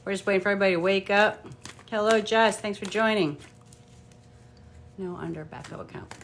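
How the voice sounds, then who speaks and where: A woman's voice: mid-range voice, brisk, slight background noise. A middle-aged woman reading tarot cards on a live stream, chatting casually, greeting viewers by name and muttering asides to herself. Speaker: tarot card reader.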